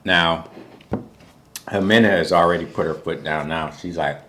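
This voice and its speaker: Slangy man with a low voice. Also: normal speed, a little hiss or hum. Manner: animated, acts out quotes with sudden high voice; informal, slangy. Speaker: co-host of a reality TV recap. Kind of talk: casual recap chat over a meal.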